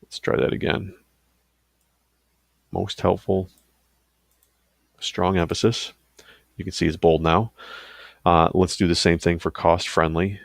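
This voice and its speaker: A man casually talking through a software tutorial, thinking aloud with loose fillers and asides. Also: low voice, level tone, slow, gravelly, long pauses, no room sound, studio quality. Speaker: teacher giving a software tutorial. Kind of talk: screen-recorded tutorial.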